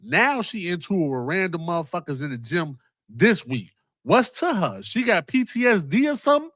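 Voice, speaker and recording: A man hosting a casual commentary vlog, excitable and profane, often repeating himself. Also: sits high, normal speed, no echo, clean studio sound. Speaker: host.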